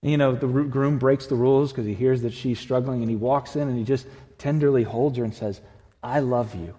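A man preaching a sermon as pastor, earnest, swinging from loud to hushed. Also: medium pitch, steady tone, a little fast. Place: church sanctuary. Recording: long reverb of a church hall.

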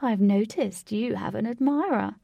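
A woman's voice: a little high, normal speed, gravelly, mellow, dry recording, muffled recording. A woman reading aloud, voicing a poised, gracious queen in a storybook. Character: gracious, confident female queen.

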